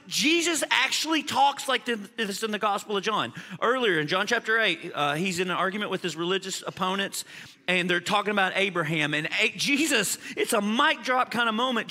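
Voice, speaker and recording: Male pastor, animated sermon delivery, bright edge, reverberant hall sound. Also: high voice. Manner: animated preaching, swings from loud emphasis to quiet asides.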